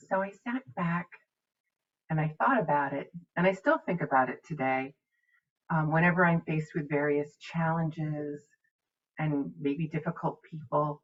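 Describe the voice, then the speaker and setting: A woman's voice: on the low side, a little slow. A middle-aged woman minister and medium telling a reflective spiritual story. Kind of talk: spiritual talk. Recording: dull distant mic.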